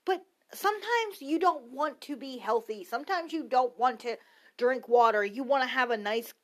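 A woman's voice: sits high, expressive, moderate pace. A woman in her thirties hosting her own podcast, ranting casually and bluntly, swearing freely and wandering off into asides. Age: 30s. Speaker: podcast host. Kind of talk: casual opinion rant.

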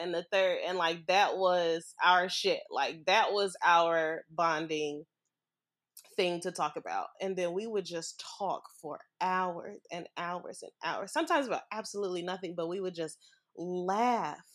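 A woman's voice: on the low side, a little slow, a bit bright. A young woman from the US Midwest, a podcast guest, telling a personal story in a frank, informal way and laughing through hard memories.

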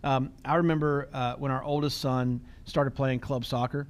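A man's voice: mid-range voice, little pitch movement, moderate pace. A middle-aged man hosting a podcast, talking casually, telling stories with quoted dialogue and laughing easily. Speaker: podcast host.

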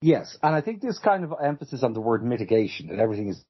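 A man in a casual sports chat, talking in an animated, rambling way and often cutting himself off. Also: mid-range voice, fast talker, breathy edge. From Ireland. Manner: animated, rambling, self-interrupting. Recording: dull lo-fi recording.

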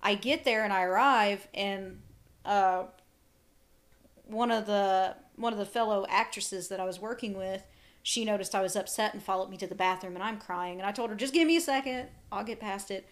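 Woman co-host, casual talk, lively storyteller who voices the people in her stories. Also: medium pitch, normal speed. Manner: animated storyteller, acts out quotes. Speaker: podcast co-host. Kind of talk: casual chat about acting.

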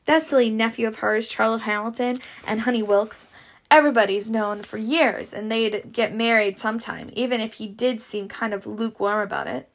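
Woman doing a coy spoiled southern belle girl, slightly high voice, bit gravelly. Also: normal speed, lightly acted. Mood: teasing.

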